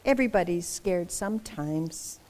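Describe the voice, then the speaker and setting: A woman voicing a gentle, caring mother who calms her young son, speaking softly and reassuringly in a storybook reading. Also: fairly low pitch, moderate pace, big-room sound, voice pushed down, lightly acted. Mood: soothing. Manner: soft, calm, reassuring.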